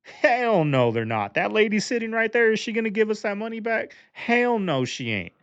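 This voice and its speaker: A man's voice: sits high, very animated, normal speed, a bit bright, clear, resonant tone. A man hosting a reaction video, talking in a fired-up, rhetorical way and calling his viewers y'all. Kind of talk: casual commentary. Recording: dull lo-fi, dry close sound.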